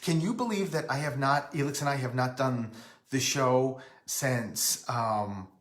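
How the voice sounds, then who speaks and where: A man's voice: medium pitch, a little slow, reverberant. A man from Rhode Island hosting a casual live stream, rambling and breaking off to greet viewers by name.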